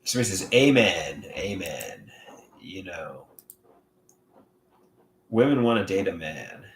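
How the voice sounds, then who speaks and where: A man livestreaming on his own, reading viewer comments aloud and talking in a halting, rambling way with many restarts. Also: low voice, lively intonation, reverberant. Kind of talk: casual livestream chat.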